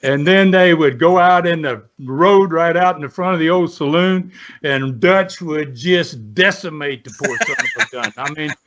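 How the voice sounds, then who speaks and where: A man's voice: a little high, huge pitch swings, normal speed, fairly bright tone. Older man telling folksy stories. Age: 70s. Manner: folksy, rambling, frequent "right?" and "you know". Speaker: guest. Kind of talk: storytelling in an interview. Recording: dull lo-fi.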